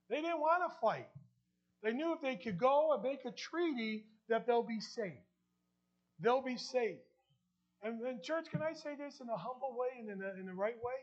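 A man's voice: very high-pitched, highs cut off. A man with a New Jersey accent preaching a sermon as pastor, emphatic, repeating key lines and putting questions to the congregation.

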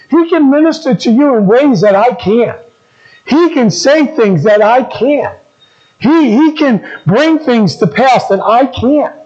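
A man's voice: very high-pitched, a little mellow, muffled recording. A man preaching a sermon as a pastor, asking the congregation questions and repeating his key phrases.

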